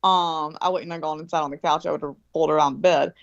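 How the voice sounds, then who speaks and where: A woman, telling a story in a casual chat, animated and swearing freely, acting out quoted voices. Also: deep voice, fast talker, gravelly, no room sound. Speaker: guest. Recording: dull lo-fi call audio.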